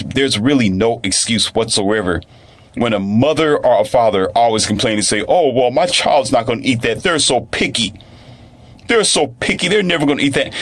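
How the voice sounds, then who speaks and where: A man who mentors schoolchildren, talking in a casual, rambling and opinionated monologue full of fillers and restarts. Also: on the low side. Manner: acts out other people's lines in a raised voice.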